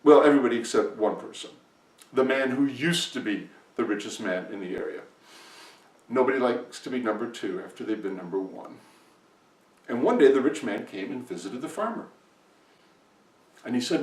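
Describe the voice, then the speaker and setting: Expressive male storyteller, echoey room. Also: mid-range voice, recorded from a distance. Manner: expressive, animated, with dramatic pauses. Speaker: professional storyteller. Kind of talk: live folktale storytelling.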